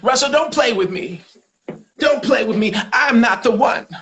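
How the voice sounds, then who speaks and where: A man's voice: extremely high pitch, lively intonation, normal speed, fairly bright tone, a little hiss or hum, voice pushed up. A man voicing an indignant, proud woman comedian who scolds and protests in a sassy manner. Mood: defensive. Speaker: comedian doing impressions.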